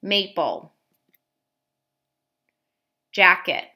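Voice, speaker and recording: A woman teaches young children in a slow, carefully enunciated way, leaving room for them to answer. Her voice is bright and a little pressed, and she offers plenty of praise as she goes. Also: lowish voice, expressive, slight background noise.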